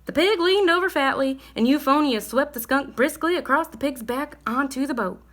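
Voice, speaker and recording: A woman reading a bedtime story aloud in a gentle, expressive way. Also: high-pitched, moderate pace.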